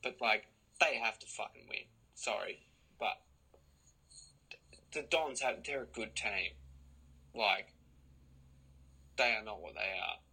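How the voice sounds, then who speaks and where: A young Australian man co-hosting a casual sports podcast, joking and chipping in with quick remarks. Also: fairly low pitch, pushed and bright, breathy edge, low-quality recording. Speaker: podcast co-host.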